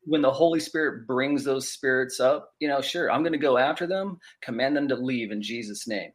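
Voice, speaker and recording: A man's voice: medium pitch, normal speed. A man hosting a faith podcast, asking questions and affirming his guest in an enthusiastic conversational way. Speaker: podcast host. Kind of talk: interview conversation.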